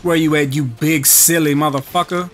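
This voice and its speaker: A young man giving live commentary over his own game match, profane, trash-talking and excitable. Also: fairly high pitch, moderate pace. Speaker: gaming channel host. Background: game music.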